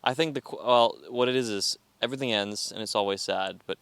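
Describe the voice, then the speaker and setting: A young man co-hosting a podcast, chatting casually and telling stories with lively retellings of movie scenes. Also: medium pitch, a little fast, gravelly, clean tone, no room sound. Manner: animated storyteller, quotes movie lines. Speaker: podcast co-host. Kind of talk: casual chat.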